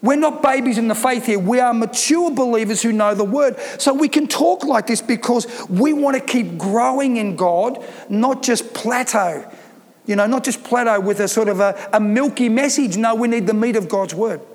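Speaking at a normal speed in a very high voice, a man delivers a sermon as pastor. The church hall recording is reverberant, and his preaching grows steadily more intense as he hammers his message home.

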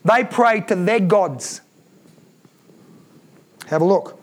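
A man's voice: high voice, takes it slowly. A man preaching a sermon, reading scripture aloud and breaking off to comment with emphatic repeated phrases and rhetorical questions.

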